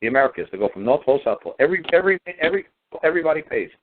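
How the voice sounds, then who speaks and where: A man's voice: a little high, big pitch swings, rapid-fire, noisy background. A man talking in a casual radio conversation, emphatic and sarcastic, repeating his points over and over. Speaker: guest speaker on law. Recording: tinny phone line.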